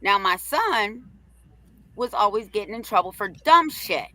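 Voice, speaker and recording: A middle-aged woman hosting a livestream, telling a story in a brash, profane, animated way. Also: mid-range voice, unhurried, rough recording. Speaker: host.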